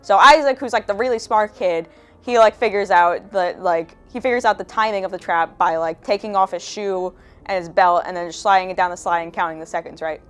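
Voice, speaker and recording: A woman's voice: mid-range voice, fairly quick, clean tone, faint music behind. A young woman giving a casual commentary rant as a video essayist, profane, sarcastic and exasperated.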